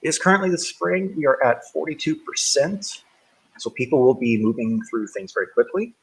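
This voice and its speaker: A man's voice: fairly high pitch, animated, brisk, husky, poor audio. A man live-streaming a game, chatting casually and greeting viewers, rambling and correcting himself as he goes. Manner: rambling, with frequent self-corrections; friendly, greets viewers by name. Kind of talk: casual live-stream chat while playing.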